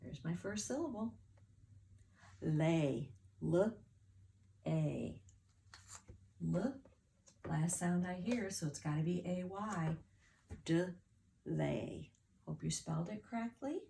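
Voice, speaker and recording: A low, gravelly woman's voice teaching children to read, sounding out each word in slow, careful steps. Her tone is dark and mellow, with faint room noise behind her. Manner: slow, clear word-by-word spelling with claps and sounding out. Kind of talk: children's phonics lesson.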